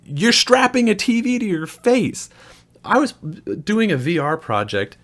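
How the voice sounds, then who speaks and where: A man's voice: high voice, huge pitch swings, a little slow, a bit bright. A young man hosting a gaming video, giving a sarcastic, profane, exasperated rant review. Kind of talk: ranting game review.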